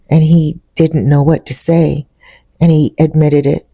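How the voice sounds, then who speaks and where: Woman, storyteller, chatty, talks to the viewer, low dark voice. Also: flat delivery, measured pace, gravelly, slightly rough, dry recording. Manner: chatty, addresses listeners directly. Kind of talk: casual storytime vlog.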